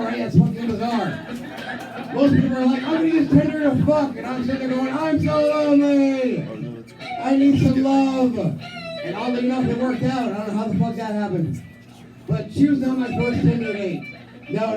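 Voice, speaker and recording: A man in his thirties doing a crude, self-mocking stand-up set with heavy swearing, often breaking into loud acted-out quotes of himself. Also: very high-pitched. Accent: New England. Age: 30s. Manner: acts out his own voice in loud quoted asides. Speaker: stand-up comic. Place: small comedy club stage. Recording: roomy club sound from a distance. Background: live music and crowd.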